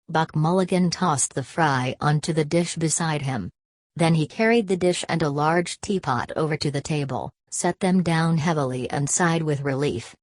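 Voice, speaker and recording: A woman narrating a literary audiobook with a measured reading. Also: low voice, a little mellow, dry recording. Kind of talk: scripted narration.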